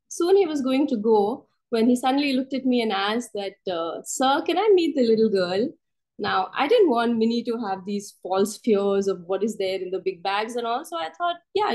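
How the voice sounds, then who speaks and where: Expressive woman storyteller narrating. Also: rough recording. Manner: expressive, lifts her pitch for quoted voices. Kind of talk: first-person story narration. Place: storytelling workshop.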